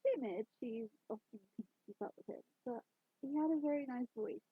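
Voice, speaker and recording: Husky woman reading fanfiction aloud. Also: a little high, moderate pace, no echo. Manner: casual with side comments. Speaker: fanfiction reader. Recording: tinny phone-like sound.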